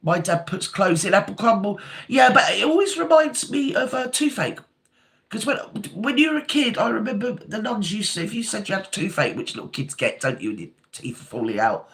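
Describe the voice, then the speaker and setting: A woman's voice: medium pitch, very animated, fairly quick. An older woman, hosting a casual live chat, reading out viewer comments and calling them darling. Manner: chatty, calls viewers darling and sweetheart.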